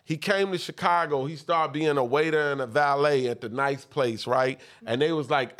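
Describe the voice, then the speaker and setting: A man's voice: fairly high pitch, normal speed, hardly any pauses, fairly bright tone. A man telling a long story in casual podcast talk, acting out the other people in his tale. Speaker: guest rapper.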